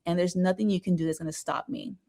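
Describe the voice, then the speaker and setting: A woman's voice: on the low side, steady tone, fast talker, mellow. A woman being interviewed as an author on a podcast, speaking in an earnest, emphatic way. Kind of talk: casual interview.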